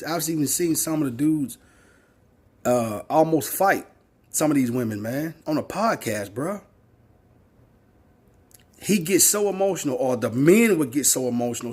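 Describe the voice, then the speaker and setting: A man's voice: on the high side, a little mellow, breathy edge. A man in his forties giving a blunt, preachy opinion monologue, repeating his points for emphasis and swearing freely. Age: 40s. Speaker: social media commentator.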